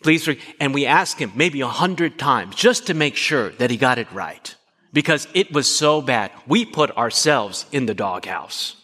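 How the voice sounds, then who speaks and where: Here a male pastor of medium pitch preaches at a slightly slow pace. His animated delivery includes questions aimed at the congregation and short acted-out conversations, with long hall reverb audible.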